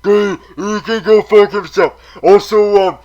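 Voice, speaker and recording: A man's voice: high voice, steady tone, measured pace, darkish tone, muffled recording, voice pushed up. A man putting on a crude, blustering impression of a ranting screenwriter.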